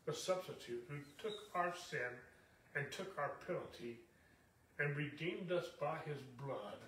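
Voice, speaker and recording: A man's voice: on the high side, measured pace, a bit bright, reverberant, far from the mic, a little hiss or hum. A male pastor preaching a sermon in an emphatic, repetitive style, with frequent "okay?" checks to the congregation.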